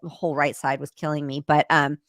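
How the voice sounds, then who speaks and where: A woman's voice: deep voice, level tone, a little fast, a bit bright, no echo. Matter-of-fact woman in a dry room. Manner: open, matter-of-fact, easygoing. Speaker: podcast host. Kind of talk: candid casual chat.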